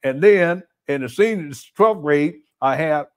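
A man's voice: on the high side, lively intonation, measured pace, smooth. A man hosting a casual livestream, reading the chat aloud, laughing often and using slang as he calls his viewers family.

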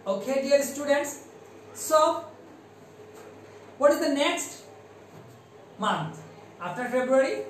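A man with a Bangladeshi accent teaching English to primary pupils, slowly spelling words letter by letter and drilling their pronunciation. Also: very high voice, animated, heavy reverb, recorded from a distance, slight background noise, low-quality recording. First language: Bengali. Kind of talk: classroom lesson.

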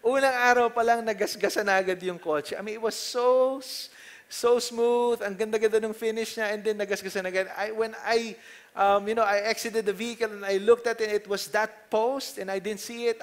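Filipino pastor guy, kinda high voice, chatty sermon full of questions to the crowd. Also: moderate pace. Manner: conversational storytelling, mixing in Tagalog phrases; rhetorical questions to the congregation.

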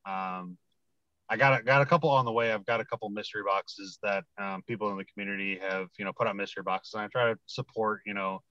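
A man's voice: on the low side, fairly even intonation, quick pace, sharp tone, no echo, dull audio. A man from the United States, a guest collector, chatting easily with lots of ums and you-knows. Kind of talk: casual video-call chat.

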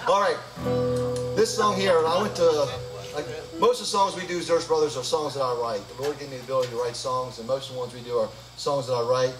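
A man leads a live gospel concert in a church hall as its singer and bandleader, trading folksy jokes between songs. He talks fairly quickly in a mid-range voice with fairly even intonation, over guitar music, and the audio is roomy live hall sound from far away.

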